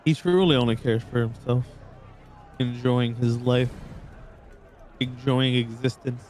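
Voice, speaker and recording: A man playing a calm, persuasive male bard, the son of a demon lord, in a near-everyday voice. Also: mid-range voice, unhurried, slight background noise, natural voice. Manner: calm, persuasive, self-assured.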